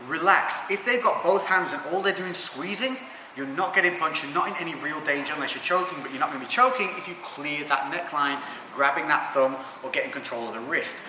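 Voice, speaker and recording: A man hosting a self-defence tutorial, calmly explaining techniques and adding dry jokes. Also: on the high side, fairly quick. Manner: calm, reassuring instruction with dry jokes. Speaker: fitness coach and host. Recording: echoey hall from far off, background noise.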